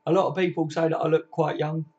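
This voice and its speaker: A man's voice: a little high, flat delivery, fast, a little mellow, slightly rough. A man, chatting casually on a live stream. He reads out viewers' comments and answers them by name, swearing freely in a laid-back, matey way. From Kent, England. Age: 20s. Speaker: football fan live streamer. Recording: dull lo-fi stream audio.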